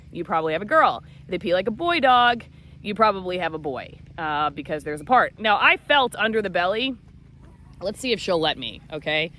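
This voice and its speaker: Bright-voiced chatty woman vlogging outdoors. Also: mid-range voice, a little hiss or hum. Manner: chatty and self-mocking, cooing softly to the goats. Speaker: vlogger, hobby farmer. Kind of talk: casual self-filmed vlog. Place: outdoor goat pasture.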